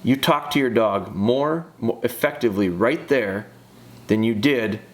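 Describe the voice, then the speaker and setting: A man's voice: mid-range voice, unhurried. A man breaking down a dog training video, talking straight to the handler in a direct, coaching way and repeating phrases for emphasis. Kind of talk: casual video breakdown commentary.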